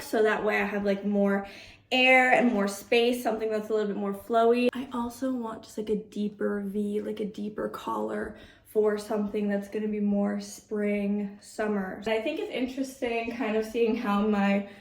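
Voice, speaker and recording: A young woman chats about her crochet makes in a casual, upbeat way, filling her sentences with easy fillers. Her voice sits fairly high. The room around her sounds roomy and echoey. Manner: chatty, filler-heavy, upbeat. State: out of breath. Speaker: crochet vlogger. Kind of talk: casual chat.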